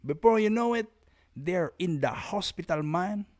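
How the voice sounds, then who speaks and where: A man's voice: high voice, lively intonation, measured pace, a little mellow, pitched above the performer's own voice. A man putting on a brash old fight-story elder. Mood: boastful. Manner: brash, swaggering, dismissive. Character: boastful older male martial arts elder telling fight stories.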